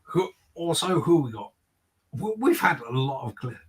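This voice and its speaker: An Englishman co-hosting a live comics show, chatting casually in a halting way, stammering and restarting, with self-deprecating humor. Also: a little high, very animated. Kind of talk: casual chat on a livestream.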